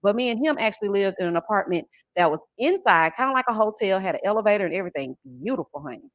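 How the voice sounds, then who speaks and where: A woman in her forties chatting on a livestream, telling an animated, expressive story and thanking viewers. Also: medium pitch, quick pace, dry recording. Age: 40s. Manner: animated, expressive storytelling with chat shout-outs. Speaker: livestream host. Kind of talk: casual livestream chat and story time.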